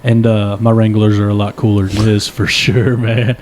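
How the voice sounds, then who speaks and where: A man's voice: lowish voice, moderate pace, slight background noise. A young man co-hosting a podcast, telling a long, profane, rambling story in a casual, self-deprecating way and laughing often. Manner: animated, profane, rambling anecdote. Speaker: podcast co-host.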